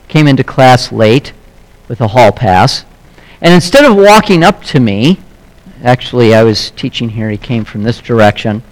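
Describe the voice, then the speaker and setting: A pastor preaching a sermon, telling stories in an animated way with sudden shouted exclamations. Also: male voice, on the high side, long reverb tail, rough recording.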